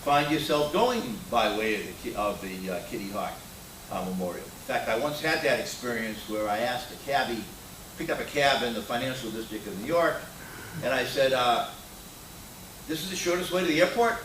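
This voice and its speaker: Captured by a distant mic with roomy hall sound and slight background noise, this keynote speaker is an older man giving an opinionated, anecdote-heavy talk in a conference hall. He speaks at normal speed in a medium-pitched, slightly bright voice, sounding animated and often using filler words.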